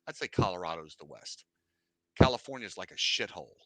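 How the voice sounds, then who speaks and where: A man's voice: low voice, expressive, a little fast, bright, forceful tone, no echo. A man from the United States hosting a casual podcast, rambling and joking with a lot of profanity. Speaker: podcast host.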